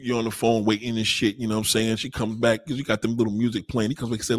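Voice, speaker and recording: A man's voice: on the low side, fast talker, hardly any pauses, no echo. A man ranting and telling a story in casual, profane slang, acting out the voices. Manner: loud, animated, swears constantly, acts out voices. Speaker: vlogger.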